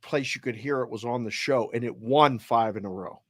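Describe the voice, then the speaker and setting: A man co-hosting a sports betting show who teases his partner and laughs easily. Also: mid-range voice. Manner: teasing and quick to laugh. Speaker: sports talk co-host. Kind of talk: casual sports chat.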